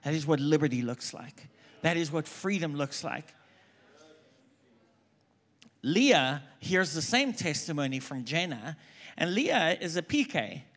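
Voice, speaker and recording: A man's voice: on the high side, normal speed. A man preaching at a conference, telling stories animatedly and voicing the people he quotes. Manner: animated storyteller, quoting people in hushed voices. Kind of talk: conference sermon with storytelling.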